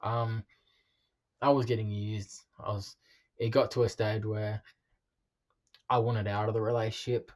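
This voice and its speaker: A man telling his own life story in a halting, confessional way, with frequent ums and restarts. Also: on the low side, little pitch movement.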